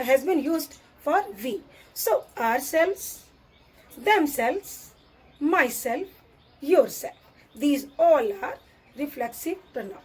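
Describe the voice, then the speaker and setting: Woman, grammar teacher, slow and patient, repeats examples, high voice. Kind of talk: classroom grammar lesson.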